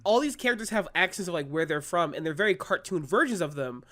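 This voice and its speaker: A man co-hosting a podcast in casual chat, animated and swearing freely. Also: sits high, fast. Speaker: podcast co-host.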